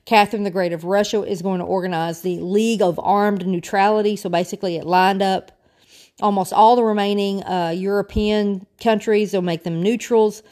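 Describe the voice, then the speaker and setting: A woman's voice: medium pitch, fairly even intonation, moderate pace, a little mellow. A woman giving a casual, chatty history lecture with informal asides, sometimes spelling out names. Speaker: history teacher.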